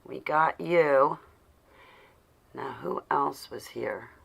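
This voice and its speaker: A woman's husky, extremely low voice carries vocal fry, and she draws out her words. Hosting a laid-back livestream, she talks with viewers and mumbles to herself as she searches for something, flustered yet affectionately calling out to her audience.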